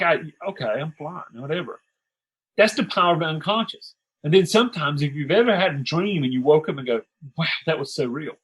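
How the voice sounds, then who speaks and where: A middle-aged man, a sales coach, telling stories in an animated, chatty way with quick asides and restarts. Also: mid-range voice, low-quality recording. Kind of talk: conversational storytelling.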